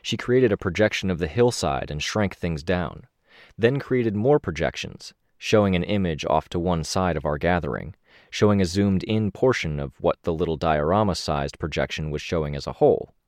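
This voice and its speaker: A man narrating an audiobook in a steady, expressive reading. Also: deep voice, moderate pace, no echo, clean studio sound.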